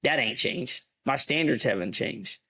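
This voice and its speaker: A man co-hosting a podcast, a softball coach talking bluntly and with emphasis, swearing casually. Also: mid-range voice, expressive, measured pace, husky.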